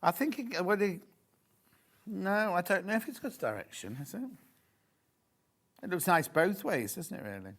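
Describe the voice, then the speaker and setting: A man's voice: high voice, very animated, normal speed, pauses often, fairly bright tone. A man hosting a live TV shopping show, chatting and gossiping enthusiastically as he shows fabrics. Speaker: shopping channel presenter. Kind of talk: live TV selling chat. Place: TV studio.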